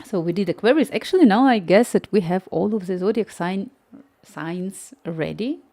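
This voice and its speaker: A woman with a non-native English accent chatting casually on a live coding stream from home. She talks haltingly, hunts for words and laughs lightly. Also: medium pitch, expressive, mellow.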